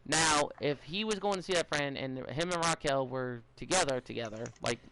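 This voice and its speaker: A man's voice: fairly high pitch, moderate pace, bright, forceful tone, slight background noise, rough recording. A young man hosting a casual podcast, rambling and giving advice with many fillers, restarts and stutters. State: a bit out of it, stuttering.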